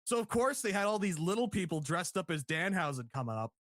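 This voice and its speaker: A man co-hosting a casual podcast review, laughing often and acting out quotes in higher voices. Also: big pitch swings, fast talker, fairly bright tone, dry recording, studio quality. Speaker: podcast co-host.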